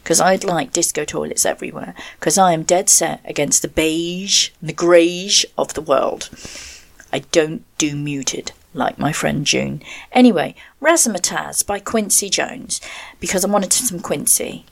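A woman's voice: low-pitched, measured pace, gravelly. A woman, hosting an online radio show in a rambling, playful chat.

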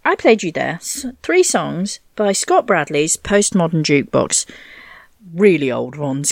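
A woman's voice: lowish voice, sing-song, unhurried, creaky, dry recording. Woman dj rambling on between tracks, joking at herself, dry close sound. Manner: chatty, rambling, self-mocking, with playful asides. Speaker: radio DJ. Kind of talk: casual radio chat between songs.

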